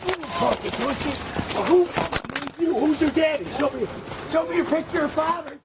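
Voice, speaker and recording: A very high-pitched man shouts and pleads in a frantic, distressed voice during an arrest outdoors. The audio comes from a police body camera and is buried in loud street noise. He sounds agitated and short of breath. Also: fairly quick. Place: outdoors at a traffic stop. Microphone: officer's body camera.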